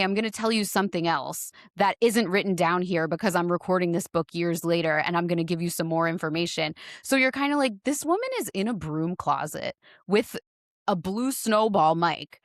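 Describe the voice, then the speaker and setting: A woman's voice: mid-range voice, a bit bright, no echo, clean studio sound. A woman co-hosting a podcast in a candid, chatty conversational style. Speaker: podcast co-host. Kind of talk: casual chat.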